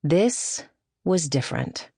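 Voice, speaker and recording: A woman narrating an audiobook in a measured, expressive reading style, recorded in a studio. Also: lowish voice, husky, no room sound.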